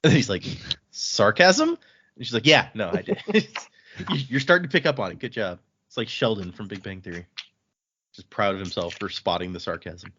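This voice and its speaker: A man's voice: lowish voice, a little fast, a bit bright, slightly rough, highs cut off. A man hosting a book podcast, retelling scenes in casual chat and acting out the dialogue in shifting voices. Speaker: podcast host recapping a book.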